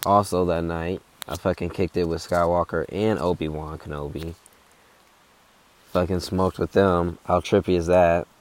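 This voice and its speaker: A man's voice: low-pitched, fairly even intonation, measured pace. A young man telling a hiking story in a laid-back, rambling, profane way. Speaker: hiker. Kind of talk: casual storytelling.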